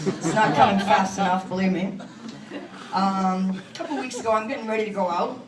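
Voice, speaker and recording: A woman in her forties from Canada doing a stand-up comedy set in a club, delivering self-mocking punchlines in a deadpan way. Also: medium pitch, a little fast, background noise. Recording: echoey club from far off.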